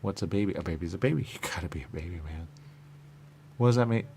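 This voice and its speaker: A man's voice: deep voice, fast talker, vocal fry, a little mellow, a little hiss or hum. A man in a rambling, repetitive monologue, muttering questions and then answering them himself. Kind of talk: rambling stream-of-consciousness monologue.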